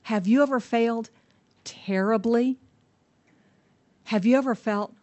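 A woman teaching a Bible passage to a group, telling the story in a lively way and asking her listeners questions. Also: fairly high pitch, measured pace, pauses often. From United States.

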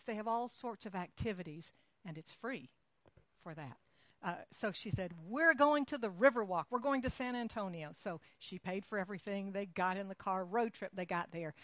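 A woman delivers a sermon, leading into her point through a long story. She talks animated and conversational, slipping into the voices of the people in it. The sound is dry and close. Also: mid-range voice, no echo. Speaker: preacher.

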